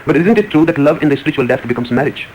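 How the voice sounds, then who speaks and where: A man's voice: fairly high pitch, lively intonation, very fast, darkish tone, slight background noise, poor audio. A man giving a spiritual discourse as a teacher, telling a story and answering questions with repeated, emphatic phrases.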